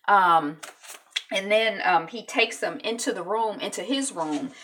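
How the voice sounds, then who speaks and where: A woman's voice: medium pitch, normal speed, a bit bright, slight background noise. A woman hosting a casual TV recap vlog, chatty and rambling with many ums. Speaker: YouTube TV recap host.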